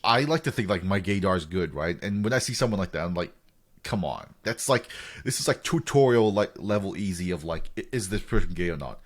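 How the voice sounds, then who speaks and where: A man with a very low voice, chatting casually as a podcast co-host. He talks bluntly and jokingly, leaning on filler words like "dude" and "like". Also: expressive, a little fast, few pauses. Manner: blunt, jokey, says "dude" and "like" a lot. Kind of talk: casual chat.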